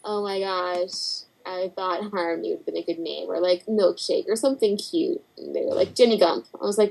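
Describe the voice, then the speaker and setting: A woman guest on a casual podcast tells stories with lively energy. She acts out the people and dogs in her tales, with her voice jumping up and down as she goes. Her pitch sits in an ordinary middle range. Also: fairly quick, gravelly, rough recording. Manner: animated storyteller, acts out quotes and barking. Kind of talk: casual chat.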